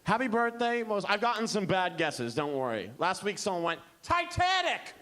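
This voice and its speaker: A man performing a stand-up comedy set on a club stage, telling stories with animated delivery and shouted punchlines. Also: high-pitched, brisk. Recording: noisy live club recording.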